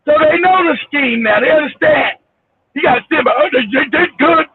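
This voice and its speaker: A man hosting a casual livestream from his car, ranting loudly and profanely, laughing and shouting as he tells a story. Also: extremely high pitch, normal speed. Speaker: show host. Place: car, driving. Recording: tinny phone line with faint hiss.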